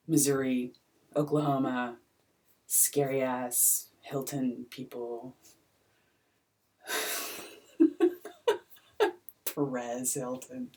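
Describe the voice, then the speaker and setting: A woman in a rambling personal monologue, swinging between hushed whispers and loud outbursts, swearing and repeating herself. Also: a bass voice, distant mic, a little hiss or hum. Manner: swears freely.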